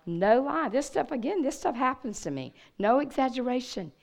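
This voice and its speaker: A woman's voice: high voice, moderate pace, creaky. A woman giving a sermon as a guest speaker, telling a personal story with animation and talking straight to her listeners. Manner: animated storyteller addressing the audience directly. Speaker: guest speaker at a women's church gathering. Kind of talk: testimony sermon.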